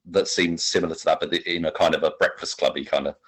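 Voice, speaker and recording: A man co-hosting a casual film review chat, rambling and halting with many restarts. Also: rumbling low, fairly even intonation, fairly bright tone, slightly rough. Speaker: podcast co-host.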